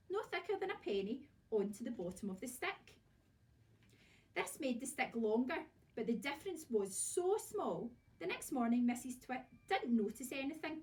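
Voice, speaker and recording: Scottish woman, teacher, storybook read-aloud, expressive, fairly high voice, distant mic. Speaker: primary school teacher. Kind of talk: reading a storybook aloud to children. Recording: voice from far off.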